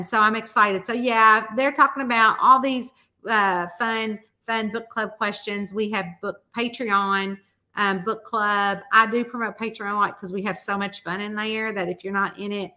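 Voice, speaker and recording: A woman's voice: medium pitch, pushed and bright. A middle-aged woman, a mystery author chatting casually on a live stream, rambling through folksy stories and reading out viewer comments.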